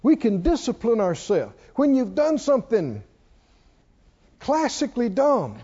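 Lively high-voiced man preaching a sermon. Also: unhurried, slightly rough, dull audio. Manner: call-and-response preaching, asks the congregation questions.

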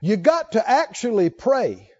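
A man preaching a sermon, telling a personal story that swings between hushed asides and emphatic points. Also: high-pitched, big pitch swings, measured pace. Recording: dull lo-fi sound.

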